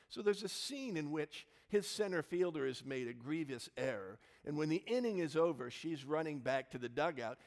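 A man, the pastor of a church, preaching an Easter sermon in a storytelling manner with swings into loud exclamations. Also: on the high side, vocal fry, big-room sound.

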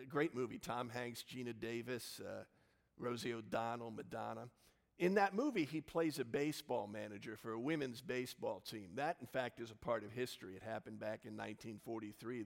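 A male pastor preaches from his church, telling stories with sudden loud exclamations. His voice sits at a middle pitch with a gravelly, creaky texture. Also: long reverb tail. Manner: warm storytelling with lively swings into loud exclamations. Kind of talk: sermon.

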